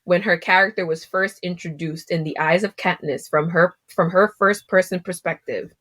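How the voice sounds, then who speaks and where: A woman co-hosting a podcast in casual chat, animated and full of "like" fillers. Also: lowish voice, normal speed. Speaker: podcast co-host.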